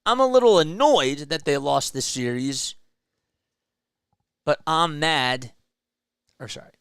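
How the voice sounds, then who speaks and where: A man's voice: a little high, lively intonation, a little slow, long pauses, fairly bright tone, smooth, no room sound, studio quality. A man hosting a solo sports show, ranting with frustration and emphasis about his team's losses and speaking directly to the manager. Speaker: sports commentary host. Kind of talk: solo fan rant about baseball.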